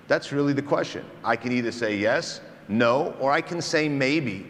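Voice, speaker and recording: A man's voice: medium pitch, expressive, moderate pace, few pauses, a bit bright. A male surgeon giving a conference lecture to dentists, engaging the audience with questions and stories. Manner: engaging storyteller, quizzes the audience. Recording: reverberant hall, faint ambience.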